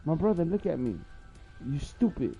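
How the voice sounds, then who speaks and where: A man's voice: a little high, very animated, moderate pace, vocal fry, dark tone, breathy edge, soft background music. A man on a livestream telling a rambling story, repeating himself and swearing heavily. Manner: profane, repetitive, rambling. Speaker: livestream host.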